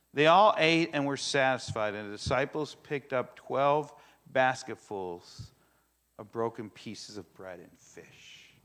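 A man preaching a sermon, retelling a story in a casual, animated storytelling way. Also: mid-range voice. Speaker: pastor.

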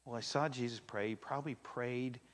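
A man preaching a sermon, retelling a story in a casual, animated storytelling way. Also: medium pitch, normal speed. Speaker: pastor.

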